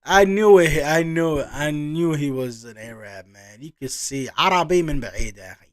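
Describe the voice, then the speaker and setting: A man's voice: on the high side, fast. A man hosting a reaction video, chatting casually and exclaiming as he reacts.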